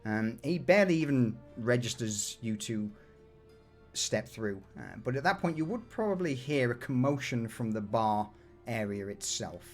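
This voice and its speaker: A man running a tabletop game as game master, narrating a scene in a relaxed way with many fillers. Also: medium pitch, normal speed, faint music behind.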